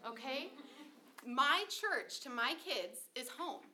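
Woman, 30s, high bright voice, lively storytelling, casual chat. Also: slow pace, slight background noise. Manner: animated, acts out quoted voices. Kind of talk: casual conversational talk.

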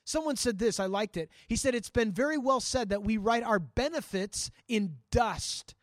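A male pastor teaching a sermon in a conversational, animated way, acting out scripture and talking straight to his listeners. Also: sits high, moderate pace, dry recording, studio quality. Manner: frequent restarts and asides to listeners.

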